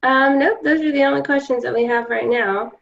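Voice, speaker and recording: A woman co-hosting a webinar, relaying questions in a relaxed way with frequent ums. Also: high-pitched, a little fast, vocal fry, highs cut off. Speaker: webinar co-host. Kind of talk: casual webinar moderation.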